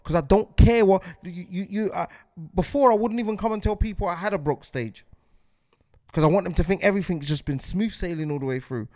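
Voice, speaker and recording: A man's voice: high-pitched, a little fast, darkish tone, no room sound. A man, delivering a heated podcast monologue as host, repeating himself and asking if you get what he's saying.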